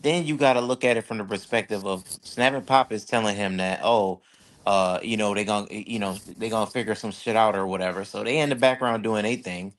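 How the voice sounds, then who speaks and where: A man's voice: fairly low pitch, fairly quick. A man co-hosting a casual reaction chat, laying out his reasoning bluntly and matter-of-factly. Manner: lays out long reasoning, blunt and matter-of-fact. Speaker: reaction show co-host.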